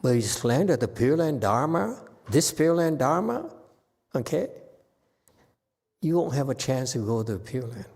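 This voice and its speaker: A man's voice: mid-range voice, big pitch swings, a little slow, long pauses, slightly rough. A male Buddhist teacher delivers a Dharma talk, speaking emphatically and pressing his points hard. His voice sits in a middle register. It rings with the long reverb of a hall. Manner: emphatic, rises into forceful exhortations.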